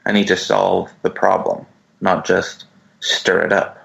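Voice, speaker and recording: Deep, gravelly, laid-back man. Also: poor audio. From Canada. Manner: laid-back, halting, flat delivery. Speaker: paranormal investigator guest. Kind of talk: radio talk interview.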